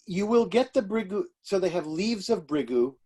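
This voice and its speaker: Older man, astrologer, interview storyteller, animated, quotes people in their own voices. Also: sits high, moderate pace, breathy edge. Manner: animated anecdotes, acting out quoted voices, laughing. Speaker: astrologer and author.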